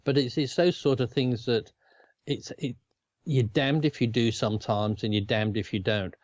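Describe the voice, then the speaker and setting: A man's voice: mid-range voice, steady tone, moderate pace, dry recording, dull audio. A man with an Australian accent co-hosting a casual chat, rambling and chuckling often. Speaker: co-host.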